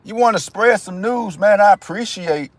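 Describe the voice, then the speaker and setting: A man's voice: high-pitched, moderate pace. Rambling D.C. man chatting to viewers. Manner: rambling, talks straight to viewers with slang. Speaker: lottery tips vlogger. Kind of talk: casual chat to viewers.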